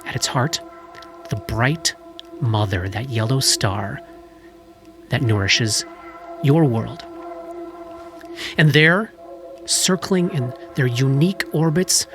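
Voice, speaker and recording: Gm narrating a horror campaign, slow and really expressive, music under it. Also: mid-range voice. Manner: slow, dramatic storytelling. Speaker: game master. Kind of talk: narrating a tabletop horror game.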